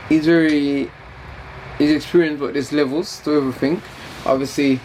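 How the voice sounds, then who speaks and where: A man's voice: fairly high pitch, fairly even intonation, moderate pace, darkish tone, a little hiss or hum, low-quality recording. A man being interviewed during fight week, talking in a laid-back, teasing and rambling way.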